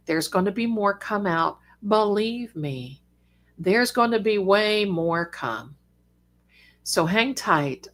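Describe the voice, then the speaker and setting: An older woman hosting a psychic live stream in casual, affectionate chat, calling her viewers darlings, with bursts of lively excitement. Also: medium pitch. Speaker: psychic livestream host.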